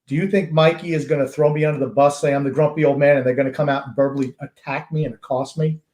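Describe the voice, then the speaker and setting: A man's voice: on the high side, fairly even intonation, fast, darkish tone. An older man co-hosting a podcast in casual chat, stressing words emphatically and drawing some out. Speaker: podcast co-host. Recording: roomy echo.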